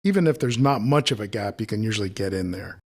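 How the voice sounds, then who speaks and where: A man's voice: lowish voice, lively intonation, fast talker, darkish tone. A man teaching audio editing, thinking aloud as he trims clips and mutters asides to himself. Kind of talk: screen-recorded editing tutorial.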